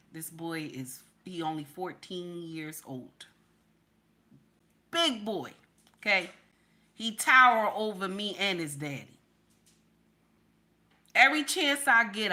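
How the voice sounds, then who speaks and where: A woman's voice: on the low side, expressive, unhurried, pauses often, pushed and bright. A middle-aged woman giving casual, emphatic reaction commentary, repeating her points in a preachy way.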